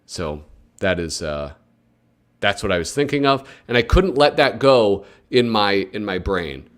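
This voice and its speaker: A man's voice: lowish voice, animated, unhurried. A man hosting a casual livestream, rambling and chatting with his viewers with plenty of fillers. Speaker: livestream host. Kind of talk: casual live commentary.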